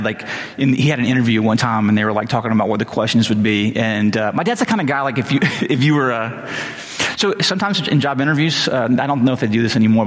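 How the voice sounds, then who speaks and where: Guy preaching, chatty storytelling, mid-pitched voice, big hall with long echo. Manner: conversational, animated when quoting himself. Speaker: pastor. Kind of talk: sermon with storytelling. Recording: long reverb of a large hall.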